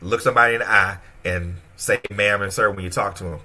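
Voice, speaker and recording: A man with a Southern American accent chatting casually on a radio show, telling stories with animated quoted voices. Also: fairly low pitch, quick pace. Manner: animated storyteller, acts out quoted voices, laughs often. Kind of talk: casual chat.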